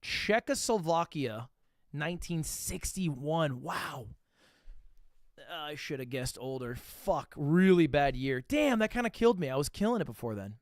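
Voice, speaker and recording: Lively, swearing streamer thinking out loud. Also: male voice, fairly high pitch, no echo, clean studio sound. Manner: thinks aloud, swears casually, quick self-mocking asides. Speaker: livestreamer. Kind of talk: casual livestream commentary while playing a guessing game.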